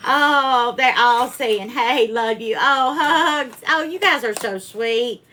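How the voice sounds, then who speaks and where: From her home kitchen, a woman hosts a live cooking stream, chatting casually and greeting viewers by name. Her high voice is pushed and bright, and she takes things slowly. There is a little hiss or hum.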